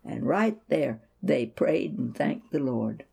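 A woman reads a Christian children's story aloud, slowly and expressively. Her voice is mellow and soft-edged, and her intonation rises and falls widely, as in a bedtime read-aloud. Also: extremely low pitch, sing-song, creaky, husky.

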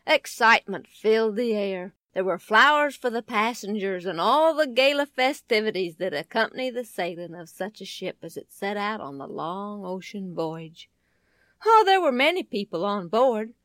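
A woman narrating a children's story in an expressive, lively storytelling manner. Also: medium pitch, normal speed, no echo, studio quality.

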